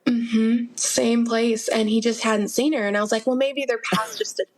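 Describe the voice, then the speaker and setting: A woman's voice: a little high, steady tone, normal speed. A young adult woman, a podcast guest, earnestly telling a personal story with many fillers and acted-out quotes. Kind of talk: personal testimony in an interview.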